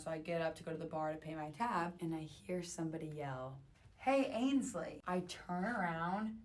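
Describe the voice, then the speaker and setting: A young woman telling a dating story in casual, animated storytime style. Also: fairly low pitch.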